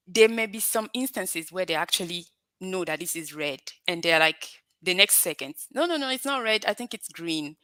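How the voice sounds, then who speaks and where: A woman's voice: lowish voice, bright, forceful tone, no room sound. A woman giving a conversational tech talk at a developer conference, earnest and repeating words as she thinks. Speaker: conference speaker. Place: conference venue.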